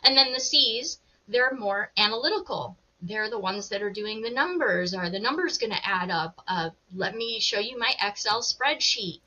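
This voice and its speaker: A woman coach speaking as a podcast guest, explaining things in a lively way and laughing easily. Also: medium pitch, normal speed, hardly any pauses, lo-fi sound. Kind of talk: casual interview explanation.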